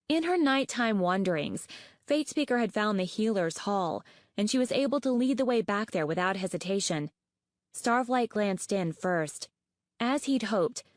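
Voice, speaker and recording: A woman with a mid-range voice narrates an audiobook, telling the story in a steady, even way. The recording is dry and of studio quality.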